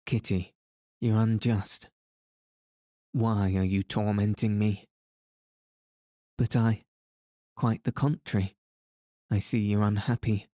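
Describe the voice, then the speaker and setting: A man voicing a gentle, earnest older sister in an audiobook, reading her lines slowly and plainly. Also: lowish voice, flat delivery, no echo, clean studio sound.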